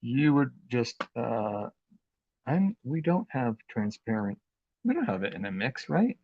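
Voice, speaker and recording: A man hosting a live craft demonstration, talking in an unhurried, chatty way with plenty of fillers as he works with his hands. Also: mid-range voice, very animated, slightly rough, muffled recording. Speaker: craft demo host.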